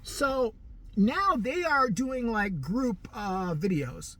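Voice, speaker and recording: Man, commentary host, mocking, profane, lively pitch, bright tone. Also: takes it slowly. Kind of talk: sarcastic ranting commentary.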